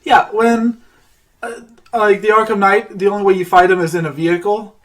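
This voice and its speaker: A man co-hosting a podcast in casual chat, excitable and swearing freely. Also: high voice, normal speed, far from the mic. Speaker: podcast co-host.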